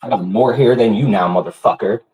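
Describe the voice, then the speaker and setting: Man streamer, husky low voice, profane taunting rant on a live stream. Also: brisk, a little mellow, poor audio.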